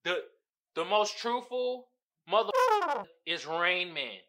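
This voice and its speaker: A man's voice: sits high, huge pitch swings, takes it slowly, bright, forceful tone. A man hosting a podcast, telling a story in a casual, profane, slangy way, often laughing and acting out the people he talks about. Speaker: podcast host. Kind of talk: casual comedic podcast monologue.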